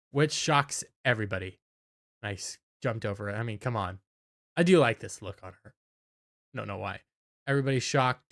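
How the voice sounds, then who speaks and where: A man's voice: on the high side, fairly bright tone, clean tone, no echo, clean studio sound. A man giving a casual, enthusiastic episode recap as an anime reviewer, often stumbling over his words.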